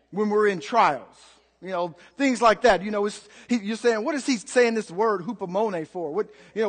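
A man's voice: sits high, fairly bright tone, big-room sound. A man preaching a sermon as a pastor, emphatic and rousing, calling out to the congregation in a church. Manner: emphatic, call-and-response exhortation.

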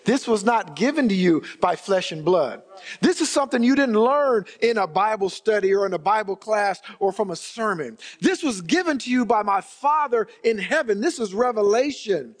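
A man preaching a sermon, reading scripture slowly and calling on the congregation to respond. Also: high-pitched, animated. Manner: reads scripture slowly and emphatically. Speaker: pastor.

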